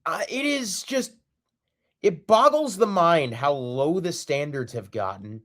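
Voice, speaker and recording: A man's voice: fairly high pitch, expressive, slow, fairly bright tone. A man hosting a solo sports podcast, ranting in an exasperated, repetitive and emphatic way. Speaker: podcast host.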